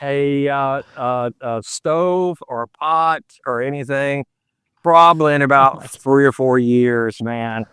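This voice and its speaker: A man's voice: medium pitch, takes it slowly, fairly bright tone, clean tone, no room sound. A man in his seventies, a pastor and long-distance hiker, chatting as a podcast guest in a folksy, rambling way. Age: 70s. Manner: folksy and rambling, full of "you know" and "man". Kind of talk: casual interview chat.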